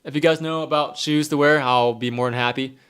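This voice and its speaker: A young man who works as a nurse answers viewer questions casually on a live stream, reading chat aloud, rambling and repeating himself. His mid-range voice is steady, brisk, a bit bright, clear and resonant.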